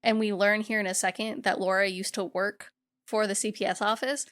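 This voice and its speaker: A woman co-hosting a podcast who walks through a movie plot in casual, swear-heavy chat. Her voice sits at a middling pitch for a woman, and her delivery is blunt and unfiltered. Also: level tone, fairly quick, a bit bright. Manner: blunt, profanity-laced retelling. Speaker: podcast co-host.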